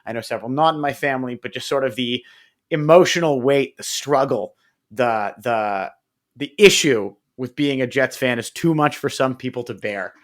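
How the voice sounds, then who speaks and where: A man's voice: mid-range voice, normal speed. A man co-hosting a sports podcast, talking in a hesitant, filler-heavy way and telling jokes. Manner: hesitant, many fillers and restarts, tells jokes. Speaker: podcast co-host. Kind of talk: casual chat.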